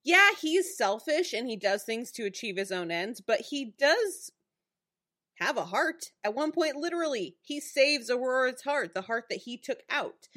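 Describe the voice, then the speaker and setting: Female podcast co-host, slightly high-pitched, chatty and laughing, casual episode recap. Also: moderate pace. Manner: animated, laughs often, acts out characters' lines.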